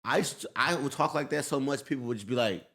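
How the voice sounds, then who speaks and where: Fast-talking man telling animated stories. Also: medium pitch. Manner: fast, animated storytelling with mimicked voices. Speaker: comedian and co-host. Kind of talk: casual podcast chat.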